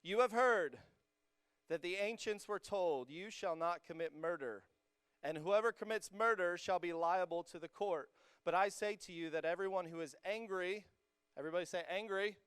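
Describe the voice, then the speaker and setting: A young man preaching to a student congregation, energetic and joking with the crowd, rising to emphatic peaks as he reads scripture. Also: high voice, moderate pace, smooth, no echo, studio quality. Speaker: youth pastor. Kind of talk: sermon. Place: church hall with a student congregation.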